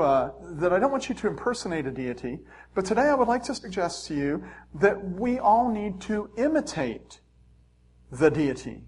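A man's voice: a little high, slightly rough. Joking conversational male pastor. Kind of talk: sermon.

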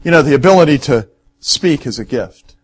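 A man's voice: on the high side, expressive, a little fast, slightly rough. A middle-aged man, a pastor giving a sermon in a conversational, storytelling way and speaking directly to his listeners.

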